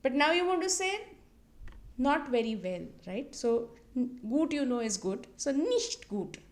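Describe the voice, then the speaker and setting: Slow, patient woman teaching phrases. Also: sing-song. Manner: patient, repeats phrases slowly with lifted pitch. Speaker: language teacher. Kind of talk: instructional explanation with slow repetition drills.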